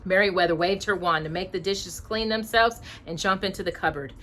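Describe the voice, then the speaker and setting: A woman reading a storybook aloud to her child in an expressive way, pausing to ask her questions. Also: fairly low pitch.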